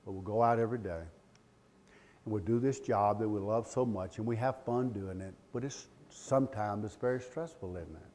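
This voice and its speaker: A man, giving a live training talk as a law enforcement trainer, animated and joking, calling out questions to the crowd. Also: fairly low pitch, normal speed. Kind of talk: live seminar talk to an audience. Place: room with a live audience.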